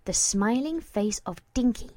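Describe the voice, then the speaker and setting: A woman narrating a storybook at an unhurried pace, her voice fairly high and lively in its rise and fall. She drops now and then into soft whispered stretches, and the sound is close and dry. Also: no room sound. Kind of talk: storybook reading.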